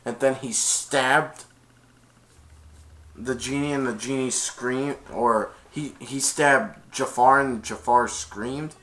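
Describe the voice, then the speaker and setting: A movie reviewer with a medium-pitched, slightly bright voice recounts a film's story. It comes out casual and rambling, with many restarts and events chained by "and then."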